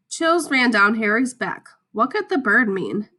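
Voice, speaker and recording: A woman reading a children's story aloud, with clear, expressive storytelling. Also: fairly high pitch, measured pace, few pauses.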